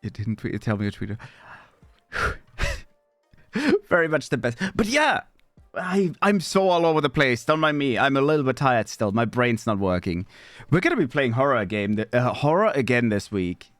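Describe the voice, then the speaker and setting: Young male streamer, middle pitch, scattered and exasperated, swears at his gear, dry close mic. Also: lively intonation, normal speed, fairly bright tone, no room sound, soft background music. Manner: jumps between mumbles and high squeaky outbursts. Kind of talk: live stream chat with viewers. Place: home streaming setup.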